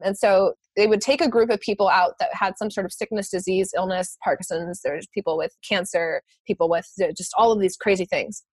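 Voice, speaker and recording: A woman telling a personal story in casual conversation, animated, laughing often and swearing casually. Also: medium pitch, brisk, hardly any pauses, husky, no echo.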